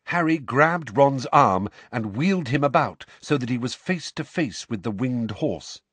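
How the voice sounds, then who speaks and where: Expressive male audiobook narrator. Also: medium pitch, measured pace, breathy edge, no echo. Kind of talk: storybook narration.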